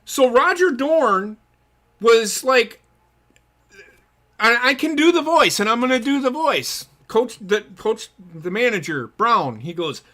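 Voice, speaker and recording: Podcast co-host, man, foul-mouthed and blunt, bright and animated delivery. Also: extremely high pitch, slow pace. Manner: blunt, profane ranting. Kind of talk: casual sports talk.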